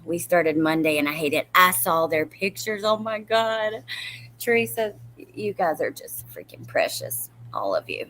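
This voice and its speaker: A woman's voice: low-pitched, fairly bright tone, slight background noise. A woman in her thirties hosting a casual true crime livestream, rambling and greeting viewers by name as she reads their comments.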